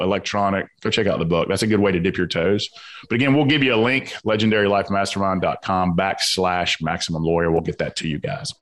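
A man with a Southern accent, a guest author talking in an earnest, motivational way on a podcast. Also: sits low. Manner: earnest, motivational, laughs easily. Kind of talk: casual podcast chat.

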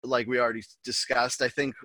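A man's voice: medium pitch, level tone, quick pace, pushed and bright, no echo. A man co-hosting a podcast, chatting in a loose, rambling and joking way. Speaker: podcast co-host. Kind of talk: casual chat.

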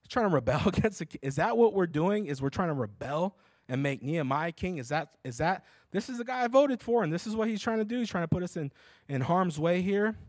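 A preacher putting on an exasperated 1950s sitcom father, pitched high and tumbling out quick indignant questions. He sounds baffled and put out. The sound is close and dry. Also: lively intonation, darkish tone, no room sound. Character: flustered 1950s sitcom father, middle-aged man.

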